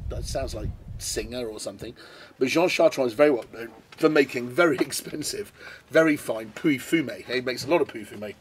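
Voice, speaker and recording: A British man tastes wines on camera and talks through them in a chatty, eager way. His voice sits in the middle range. A faint noise runs under the recording. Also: medium pitch. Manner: chatty and enthusiastic, tastes and comments as he goes. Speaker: wine presenter. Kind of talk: casual wine tasting video. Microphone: camera mic.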